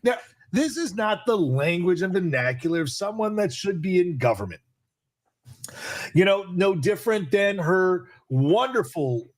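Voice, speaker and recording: Middle-aged male host, fairly high voice, indignant, ranting commentary. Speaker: podcast host. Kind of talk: political commentary rant.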